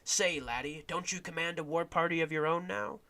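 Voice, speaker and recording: A man's voice: a little high, moderate pace, gravelly, pushed and bright, pitched above the performer's own voice. Man putting on a weathered old camp follower woman. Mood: gruff, worldly. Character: weathered older female camp follower, blunt and shrewd.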